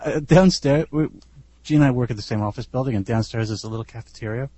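A man with a mellow, slightly husky voice guests on a casual podcast. He tells lively, self-deprecating anecdotes into a close, dry mic. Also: medium pitch, fast talker, dry recording.

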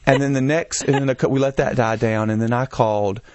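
A man chatting on his podcast, rambling through jokey stories at a middling pitch. His voice sits close and dry on the mic, with no room sound around it. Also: steady tone, fairly quick, darkish tone, no room sound. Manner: joking, rambling storyteller. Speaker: podcast co-host. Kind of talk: casual chat.

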